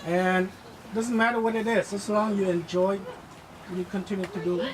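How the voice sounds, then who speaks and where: Hmong-accented guy in his 50s giving a heartfelt family speech, kinda halting, noisy background. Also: high voice, steady tone. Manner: earnest, halting, repeats and restarts phrases. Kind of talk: informal speech at a family reunion. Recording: clear background noise.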